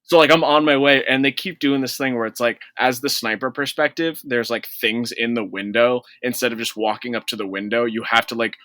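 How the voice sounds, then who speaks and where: A man's voice: medium pitch, fairly even intonation, brisk, few pauses, sharp tone, no echo. A man co-hosting a casual gaming podcast, ranting in an exasperated, profane way. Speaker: podcast co-host.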